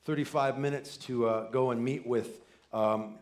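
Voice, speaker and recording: A man in his forties preaching a sermon, telling family stories with quoted voices and swinging from loud excited bursts to soft, near-whispered lines. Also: mid-range voice, a little slow. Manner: animated storytelling with quoted voices and asides. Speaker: pastor.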